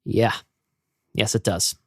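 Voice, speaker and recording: A man voicing a weary, lonely grown man who talks in a calm, matter-of-fact way. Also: takes it slowly, dry recording, studio quality. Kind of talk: podcast story reading.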